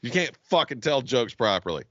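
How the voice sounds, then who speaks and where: A man's voice: mid-range voice, sing-song, normal speed, a bit bright, no echo, lo-fi sound. A man co-hosting a comedy podcast, brash and profane, trading crude jokes. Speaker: podcast co-host.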